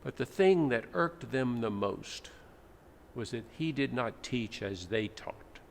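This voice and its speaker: Speaking slowly and expressively, this man's mid-range voice has a touch of vocal fry as he delivers a teacherly sermon. He's a pastor in a church sanctuary, mixing explanation with dramatic readings, and the recording is echoey with faint noise behind him.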